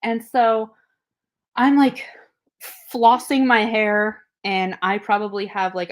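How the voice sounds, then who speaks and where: A podcast co-host with a lowish voice tells a story casually and with animation. She laughs often and acts out what people said.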